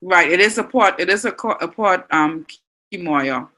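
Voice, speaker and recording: A woman's voice: fairly low pitch, expressive, normal speed, pushed and bright, low-quality recording. Encouraging Bahamian woman teaching online. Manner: encouraging, reads out student answers. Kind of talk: online class lesson.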